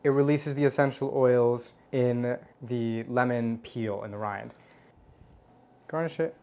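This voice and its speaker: A slightly slow, slightly mellow mid-range voice carries this informal home cocktail tutorial. The host is playful and talkative, ribs themselves, and savors the drinks with audible hums.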